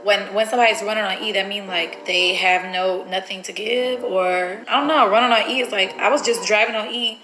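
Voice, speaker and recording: A woman's voice: medium pitch, brisk, few pauses, bright, forceful tone, roomy sound, soft background music, poor audio. A woman vlogger, chatty and nervous, talking to viewers while pulling a prank. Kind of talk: casual vlog chat.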